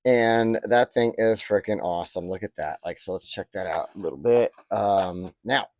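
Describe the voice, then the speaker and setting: Casual male unboxer, mellow low voice, excitable and rambling, dry close recording. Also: moderate pace, no room sound. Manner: chatty, easily excited, rambling asides. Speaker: card-opening vlogger.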